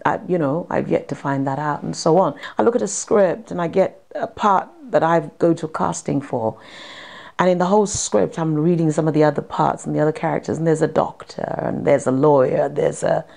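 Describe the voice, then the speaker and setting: A woman's voice: deep voice, moderate pace, gravelly. A middle-aged woman from Britain, an actor chatting animatedly in an interview in her theatre dressing room, laughing often. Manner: animated, laughing, lively asides. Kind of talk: casual interview chat.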